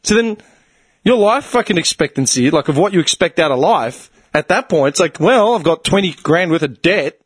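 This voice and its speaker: Australian man, 30s, podcast co-host, husky voice, dry close sound. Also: a little high, animated, normal speed, no room sound. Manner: swears a lot, rambling storyteller. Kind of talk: casual chat.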